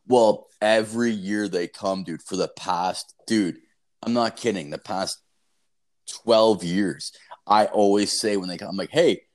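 A man's voice: fairly low pitch, measured pace. A man in his thirties, a podcast co-host telling a profane, rambling story in casual chat.

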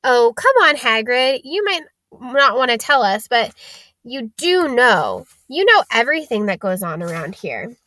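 A woman's voice: fairly high pitch, very animated, unhurried, pushed and bright, dry recording, heavily acted. Woman reading as a clever, coaxing schoolgirl. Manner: coaxing, earnest. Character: clever schoolgirl, earnest and persuasive.

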